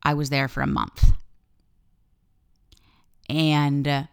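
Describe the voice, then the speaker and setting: A woman life coach and podcast host telling a personal story in a candid monologue, swearing freely and talking with lively energy. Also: deep voice, slow pace, creaky, smooth.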